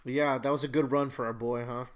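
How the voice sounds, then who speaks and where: A man's voice: medium pitch, steady tone, brisk. A man co-hosting a podcast, explaining story details and adding dry quips in casual chat. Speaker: podcast co-host. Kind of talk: casual chat commenting on a manga.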